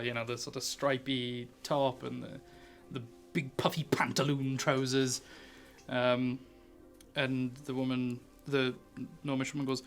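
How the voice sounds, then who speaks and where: A man's voice: medium pitch, fairly even intonation, unhurried, soft background music. A man running a tabletop game, narrating in a rambling way and laughing often. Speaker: game master.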